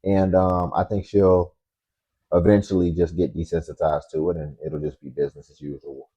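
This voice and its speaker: A man's voice: deep voice, level tone, normal speed, slightly rough, muffled recording. A man reacting to clips with blunt, matter-of-fact commentary as host.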